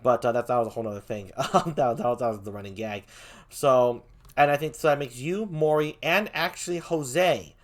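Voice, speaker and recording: A man's voice: medium pitch, a little fast. A man hosting a casual livestream interview, chatty and upbeat, greeting viewers as he goes. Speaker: show host.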